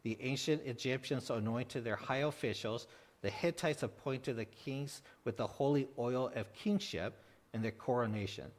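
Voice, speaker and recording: A man preaching a conversational sermon, animated, asking his listeners questions and acting out the people in the story. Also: medium pitch, normal speed. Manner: animated, asks the congregation questions; acts out quoted voices, with frequent restarts.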